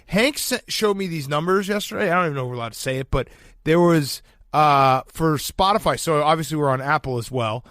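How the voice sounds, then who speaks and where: A male podcast host in casual chat, excited and swearing. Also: fairly high pitch, brisk, dry recording, studio quality.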